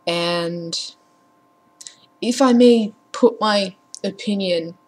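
A young woman rambling casually as a gaming vlogger at her home computer, sarcastic and prone to swearing and ranting. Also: mid-range voice. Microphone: computer mic with headphones.

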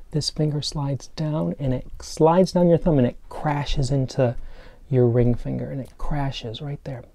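A man teaching preschool children remotely, explaining step by step in a gentle, playful way. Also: medium pitch, fairly even intonation, unhurried, creaky, a little hiss or hum. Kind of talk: remote lesson for young children.

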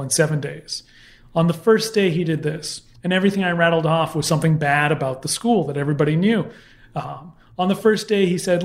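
Animated storytelling man. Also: on the high side. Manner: animated anecdote with mimicked voices. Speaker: guest, comedy historian. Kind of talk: casual storytelling.

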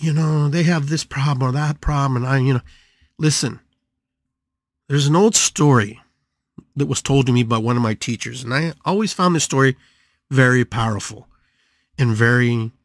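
A man's voice: mid-range voice, no room sound. Man telling a spiritual story, dry sound. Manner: emphatic, dramatic storytelling with repetition. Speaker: podcast host.

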